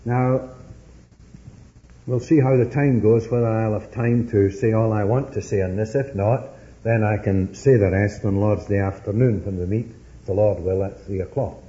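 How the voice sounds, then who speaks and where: A man's voice: lowish voice, steady tone, normal speed, dark tone. A man preaching a sermon, telling stories earnestly and pressing his points with rising emphasis. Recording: dull lo-fi sermon recording.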